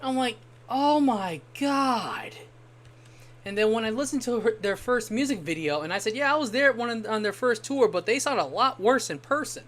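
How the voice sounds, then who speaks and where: A young man with a high, animated, slightly bright voice talks fast with few pauses. It's a casual gaming stream, and he fills it with rambling stories and the odd swear word.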